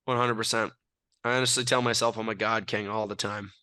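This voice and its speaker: A man's voice: fairly low pitch, flat delivery, brisk, pushed and bright, clean tone, dry recording. A young man from California, a brash and self-assured athlete telling stories in a casual interview. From California, USA. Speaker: athlete guest.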